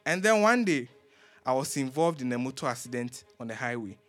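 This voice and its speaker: A man's voice: medium pitch, very animated, fairly quick, fairly bright tone, faint music behind. A man playing an overexcited young fan. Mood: earnest. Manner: overexcited, chatty, fawning. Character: eager young man with a prosthetic leg.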